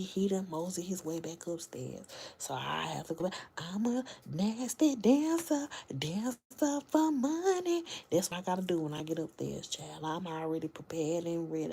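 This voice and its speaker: Her deep, warm voice has vocal fry and a breathy edge as she hosts a relaxed late-night phone livestream from home. A host and reader, she talks to viewers in chatty slang and frequently slips into a whisper.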